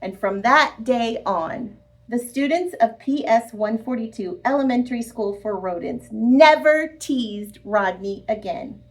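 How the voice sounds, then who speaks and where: Lively, sing-song woman reading to children. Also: fairly high pitch, unhurried. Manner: expressive, sing-song, addresses children directly. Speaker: storyteller. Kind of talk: children's read-aloud.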